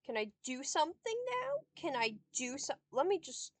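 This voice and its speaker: A woman's voice: high-pitched, sing-song, moderate pace, no echo. A young woman casually commentating her own board game play, frustrated, swearing and talking to herself. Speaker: streamer playing a board game.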